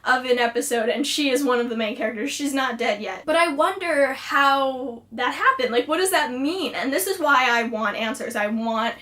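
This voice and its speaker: A woman's voice: sits high, moderate pace, hardly any pauses, pushed and bright. A young woman vlogger recapping a TV episode in a gushing, chatty way. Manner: gushing, fangirlish, many likes.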